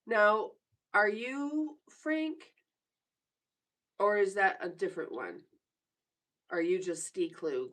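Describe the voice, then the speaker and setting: A woman in her forties chats casually on a live stream from her bedroom, teasing viewers and laughing often as she reads their comments. Her voice is on the low side and a bit bright, recorded from a distance.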